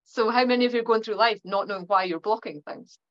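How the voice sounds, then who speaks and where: A woman's voice: fairly high pitch, fast, lo-fi sound. A woman from Scotland with a mild Perthshire accent, chatting as a guest on a live stream and acting out quoted exchanges, speaking into a phone. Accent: Scottish, Perthshire. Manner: animated, acts out quoted exchanges. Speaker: guest speaker, spiritual teacher.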